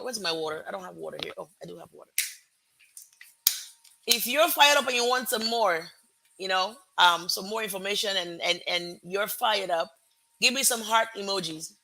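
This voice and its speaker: A woman hosts a motivational live stream with an accent that blends American and Nigerian. Her voice is bright and forceful, and her delivery stays energetic and conversational. She greets her audience warmly and stops now and then to correct her own words. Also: mid-range voice. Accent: American-Nigerian mix. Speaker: host.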